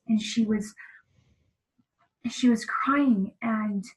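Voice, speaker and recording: A woman's voice: mid-range voice, steady tone, normal speed, poor audio. A woman speaking as an interview guest, telling of spiritual experiences in an earnest, emotional way. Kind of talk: casual interview talk about spiritual experiences.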